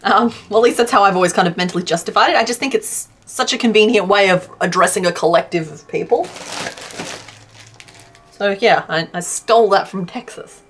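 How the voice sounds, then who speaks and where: A chatty woman from Western Australia live-streams while crocheting, speaking briskly with a medium-pitched, slightly rough voice. She laughs often and answers the chat.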